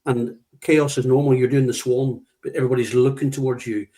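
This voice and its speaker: A man's voice: medium pitch, flat delivery, brisk, dark tone. A middle-aged British man, a leadership trainer being interviewed, talking emphatically, repeating key words and acting out what he would say. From United Kingdom. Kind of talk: conversational interview, anecdotal.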